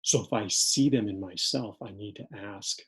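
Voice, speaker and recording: A man with a low, slightly husky voice delivers a training talk for teachers. He speaks in a calm, measured way, counting through points and scenarios. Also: low-quality recording. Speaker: teacher leading an educator training.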